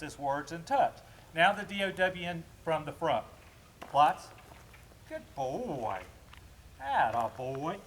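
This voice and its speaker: A man's voice: a little high, fairly bright tone, a little hiss or hum. A man teaching dog obedience training, explaining commands to viewers in a chatty, instructive way while working with a puppy outdoors.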